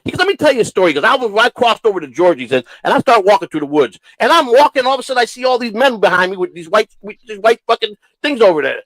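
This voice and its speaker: Man host, high voice, rambling halting storytelling, dry close sound. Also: big pitch swings, fairly bright tone, no room sound, poor audio. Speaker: show host. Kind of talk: casual storytelling chat.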